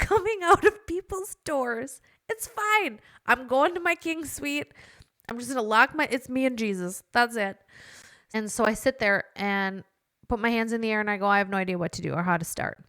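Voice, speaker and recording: A woman hosting a podcast, telling a personal faith story in an animated, chatty way that turns emotional at times. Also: sits high, normal speed. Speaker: podcast host.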